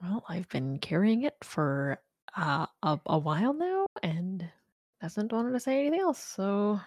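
A woman's voice: medium pitch, big pitch swings, a little mellow, dry recording, clean studio sound. A woman voicing a guarded, grieving young woman adventurer in a tabletop game, speaking hesitantly with many restarts. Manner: hesitant, halting, full of restarts.

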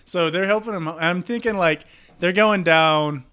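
A man's voice: high-pitched, a little slow, sharp tone, clear, resonant tone. A man casually spinning an improvised comedy story, rambling with many fillers.

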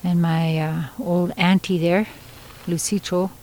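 Lowish-voiced woman telling a traditional story. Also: flat delivery, darkish tone, rough recording. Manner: unhurried, conversational telling with pauses and asides. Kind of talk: oral storytelling.

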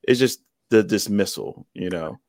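A man co-hosting a podcast in casual chat, explaining his points in a relaxed, plain way. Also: fairly low pitch, unhurried, dry recording, clean studio sound. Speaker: podcast co-host.

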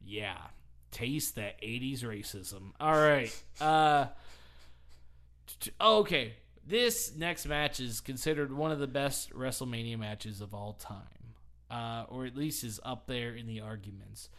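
A man's voice: medium pitch, unhurried, a bit bright. A man on a podcast telling a wrestling story in casual chat, rambling and laughing often. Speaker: podcast host.

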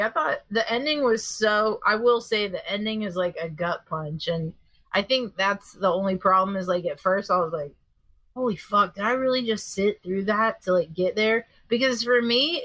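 A woman chatting casually on a podcast, telling animated stories with lots of swearing and quoted voices. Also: mid-range voice, no echo. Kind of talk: casual chat.

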